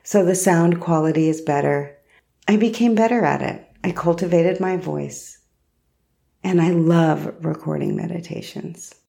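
A woman hosting a solo podcast, telling a personal story in an unhurried, reflective way. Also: fairly low pitch, gravelly, dark tone. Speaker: podcast host.

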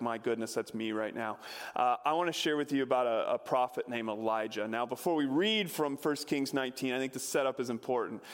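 A pastor giving a sermon, retelling a scripture story in a conversational way with touches of humor. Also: male voice, mid-range voice, long reverb tail.

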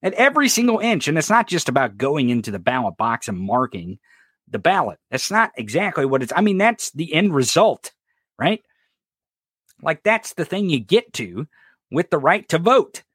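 A man's voice: fairly high pitch, very animated, normal speed, fairly bright tone, slightly rough, dry recording, studio quality. A man co-hosting a political commentary podcast, talking in an impassioned, profane rant with sarcastic jabs. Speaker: podcast co-host.

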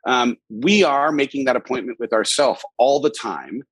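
Animated man with a husky, dry voice. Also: normal speed, no room sound. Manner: animated, jokey, jumps into high playful tones. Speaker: featured guest answering audience questions. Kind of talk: casual conversational talk.

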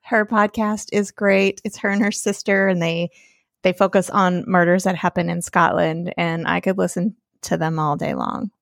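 A woman co-hosting a casual podcast, chatting with a friend and laughing often. Her voice has a gravelly fry, and she swears freely. The sound is dry and close, with no room in it. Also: lowish voice, little pitch movement, normal speed, no room sound. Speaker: podcast co-host.

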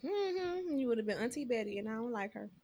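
A woman's voice: a little high, lively intonation, a little fast, dark tone. A woman co-hosting a podcast in casual chat, telling stories with playful impressions and lots of laughter. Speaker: podcast co-host.

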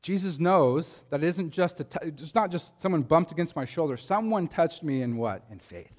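A man's voice: on the high side, lively intonation, normal speed, long reverb tail. A man preaching a sermon, talking in a conversational way and asking his listeners rhetorical questions. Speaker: pastor.

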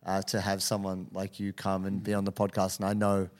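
A man hosting a podcast, chatting casually and thanking his guest warmly. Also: deep voice, completely flat delivery, fairly quick. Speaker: podcast host. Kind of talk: casual interview chat.

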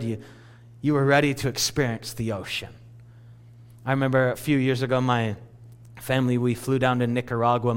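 A middle-aged man preaching a sermon, telling a story in a lively, self-mocking way. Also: mid-range voice, clear, resonant tone. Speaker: pastor.

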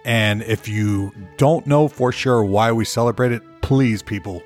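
Rambling low-voiced man podcasting solo. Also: measured pace, a little mellow, faint music behind. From United States. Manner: rambling, profane, repeats words. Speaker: podcast host.

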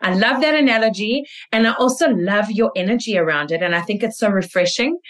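A woman's voice: medium pitch, brisk. A woman hosting a casual podcast interview, enthusiastic and affirming. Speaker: podcast host.

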